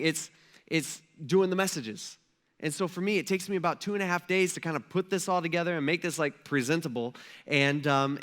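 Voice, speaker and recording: Man, pastor, bright forceful voice, slightly high pitch, casual storytelling sermon. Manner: casual, animated storytelling with acted-out quotes. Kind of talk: conversational sermon.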